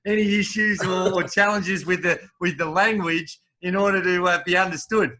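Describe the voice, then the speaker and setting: A man hosting a casual podcast interview, easygoing and quick to laugh. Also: high-pitched, fairly even intonation, bright, forceful tone. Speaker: podcast host.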